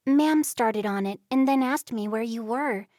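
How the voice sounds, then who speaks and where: A woman's voice: a little high, a little slow, darkish tone, dry recording, clean studio sound, close to an everyday voice. A woman voicing a chatty, playful younger Amish sister in a storybook reading. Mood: worried.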